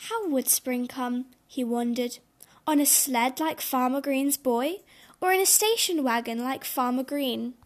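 Slow, high-voiced woman reading a storybook. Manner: gentle, expressive.

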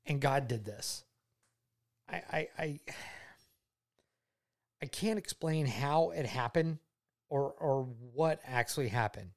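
A man's voice: mid-range voice, takes it slowly, pauses often. Earnest father sharing his faith. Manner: earnest and heartfelt, repeats himself, drops soft when moved. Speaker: father talking with his daughter. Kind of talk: personal faith testimony.

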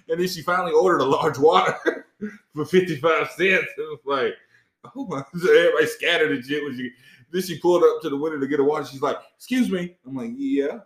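A man telling stories in a casual chat, animated and profane, laughing often. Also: on the high side, reverberant.

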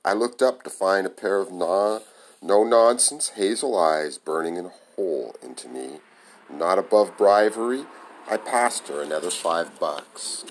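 A man's voice: deep voice, low-quality recording. A man reading a novel aloud in a plain amateur way, with small stumbles that he corrects as he goes. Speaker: reader.

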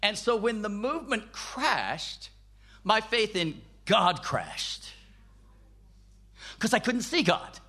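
An older man preacher giving a personal testimony sermon, emphatic, at times dropping into soft low tones. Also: very animated, slow, pauses often.

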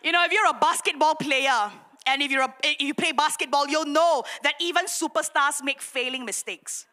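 A young adult woman pastor, preaching a sermon with animated, self-mocking storytelling. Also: sits high, moderate pace. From Singapore.

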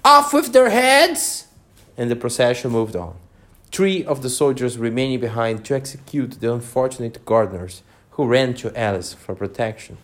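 A man's voice: mid-range voice, darkish tone. A man reading a storybook aloud to children, stumbling now and then and adding asides. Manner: slow, stumbles and adds asides. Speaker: reader to children.

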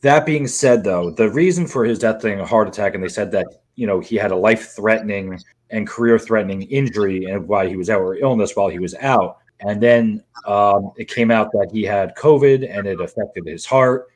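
Low-voiced man in casual podcast chat. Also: moderate pace, hardly any pauses, a little mellow. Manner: rambling, emotional, swears freely. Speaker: podcast co-host.

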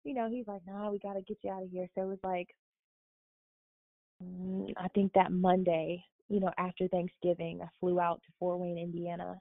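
A woman's voice: on the low side, normal speed, creaky, dry recording. Woman over a tinny phone line. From Florida. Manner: animated, quotes others, laughs often. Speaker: guest. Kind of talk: casual storytelling.

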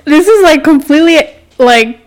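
A woman's voice: high-pitched, expressive, moderate pace. A young woman co-hosting a podcast, reacting bluntly in casual chat. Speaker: podcast co-host.

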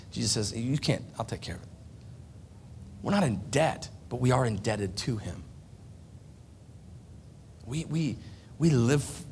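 Gravelly-voiced man preaching a sermon. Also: mid-range voice, a little mellow, a little hiss or hum. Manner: earnest, confessional storytelling with restarts. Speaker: pastor.

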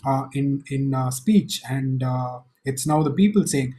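A man preaching a sermon, reading scripture aloud slowly and emphatically, then explaining it in a conversational way with frequent asides. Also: medium pitch, dark tone, low-quality recording. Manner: slows and lifts his voice to read scripture aloud.

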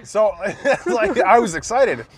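A man in casual conversation about movies, retelling scenes excitedly and swearing often, recorded in a car. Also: high-pitched, takes it slowly, slightly rough.

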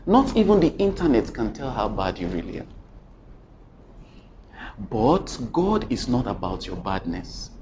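A man preaches a sermon, his voice leaping up and down in pitch as he tells a story. He keeps turning to the congregation with questions and repeated lines. The recording is dull and lo-fi, with faint ambience underneath. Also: a little hiss or hum. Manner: dramatic storytelling with sudden swings in pitch and loudness; addresses the congregation directly with questions and repetition.

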